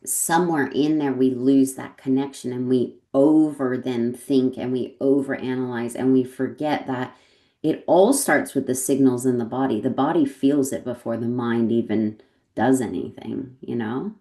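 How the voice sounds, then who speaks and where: Woman, very low voice, mellow, reflective guest, laughs often, echoey room. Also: fairly even intonation, moderate pace. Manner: thoughtful, laughs often, trails off mid-sentence. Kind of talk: reflective conversation. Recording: roomy echo.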